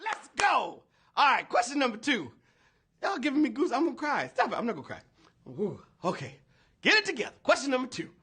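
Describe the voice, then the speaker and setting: High lively hyped-up trivia host man. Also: quick pace, slightly rough. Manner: energetic, playful, lots of slang. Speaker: trivia game show host. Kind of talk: hyped livestream hosting.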